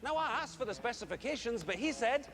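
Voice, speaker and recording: An actor playing a stubborn Scottish starship engineer in a film, with a Scottish accent, clipped word endings and a firm, defiant manner. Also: male voice, very high voice, lively intonation, fast, fairly bright tone, full character voice. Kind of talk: film dialogue. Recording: film score behind.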